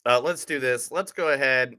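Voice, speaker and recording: A man's voice: medium pitch, moderate pace, pushed and bright, smooth. A man hosting a movie review podcast, talking in a blunt, joking, wry way. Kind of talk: casual chat.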